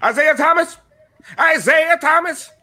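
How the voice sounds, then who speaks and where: A man voicing an old male leprechaun mascot who answers an interviewer with indignant, shouting denials. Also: very high voice, steady tone, unhurried, exaggerated voice.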